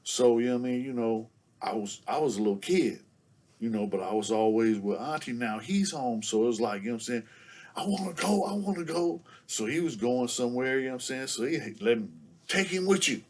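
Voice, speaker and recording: A man tells a loose, casual story as a guest, at a medium pitch. He fills almost every phrase with "you know what I'm saying" and "you know." He keeps a relaxed, unhurried pace.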